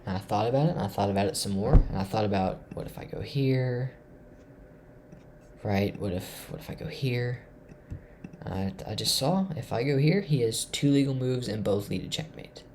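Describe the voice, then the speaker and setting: A man from Tennessee excitedly walking through his chess game, thinking aloud and swinging between loud bursts and hushed asides. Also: medium pitch, normal speed, noisy background. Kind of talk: excited game recap to camera.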